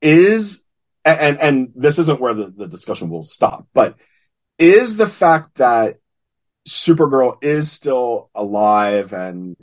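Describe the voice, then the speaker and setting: A man in casual podcast chat recounts a comic book story. His voice is husky and low-key. He tells it with animated flair, slipping into the characters' lines as he goes. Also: takes it slowly. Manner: animated retelling, acting out lines in quotes. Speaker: podcast co-host.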